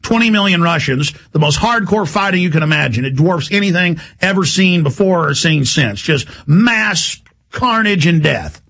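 Gravelly, heated male radio host. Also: a little high, animated, fairly bright tone. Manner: fast, heated, rambling delivery. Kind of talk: rambling radio monologue.

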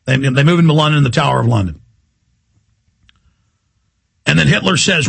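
A man hosting a radio show, delivering a fast, heated, rambling monologue in a gravelly, husky voice. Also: on the high side, fairly bright tone. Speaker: talk radio host.

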